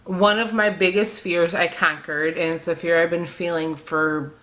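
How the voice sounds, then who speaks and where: A young woman speaks in a slightly low voice, pouring out an emotional confession to her vlog audience. She hesitates and rambles, restarting her sentences and filling the gaps, close to tears throughout. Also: steady tone, moderate pace, a bit bright. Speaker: beauty vlogger.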